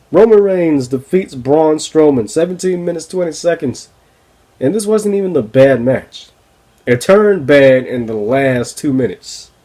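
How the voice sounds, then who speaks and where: A man's voice: a little high, animated, unhurried, dark tone. A man hosting a wrestling review podcast, ranting casually and profanely with frequent laughs. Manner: profane, exasperated, laughs often.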